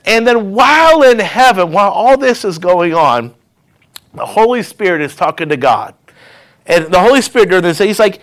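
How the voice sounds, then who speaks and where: A man's voice: high-pitched, sing-song, moderate pace, a bit bright. A man, a pastor, preaching a sermon, telling a story and leading with call-and-response asides.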